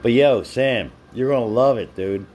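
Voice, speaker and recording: A man's voice: mid-range voice, moderate pace, a little mellow. A man hosting a casual live stream, chatting with viewers by name and laughing often while he reads their comments. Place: home.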